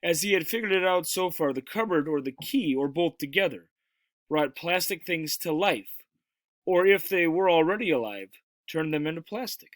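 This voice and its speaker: A man reading a children's novel aloud in a steady, plain manner with small stumbles. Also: fairly high pitch, normal speed, dry recording. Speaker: reader. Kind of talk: storybook read-aloud.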